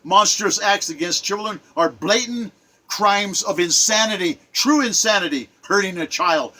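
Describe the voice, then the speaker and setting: A man with a high, bright, forceful voice delivers an emotional monologue. He preaches and repeats himself, rising to loud outbursts and then sinking to hushed, heavy lines. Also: measured pace. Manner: emotional, preachy, repetitive, with sudden swells and drops. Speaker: online commentator. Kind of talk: impassioned spoken monologue.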